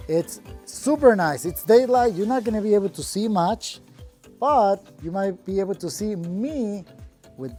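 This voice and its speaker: Upbeat contractor touring a backyard. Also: male voice, high-pitched, darkish tone. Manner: upbeat, plainspoken, proud of the work. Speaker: landscaping contractor. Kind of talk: casual project walkthrough. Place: outdoors in a backyard patio.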